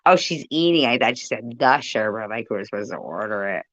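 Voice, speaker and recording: A woman's voice: very deep voice, expressive, a little fast, fairly bright tone, dry recording. A woman ranting profanely and confrontationally on a phone livestream, rambling and chatting with her viewers. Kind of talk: livestream rant.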